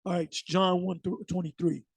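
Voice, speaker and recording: A man's voice: high voice, little pitch movement, normal speed, breathy edge, no room sound. A man leading an informal scripture study, reading verses aloud and then rambling into loose commentary with frequent restarts. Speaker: Bible teacher.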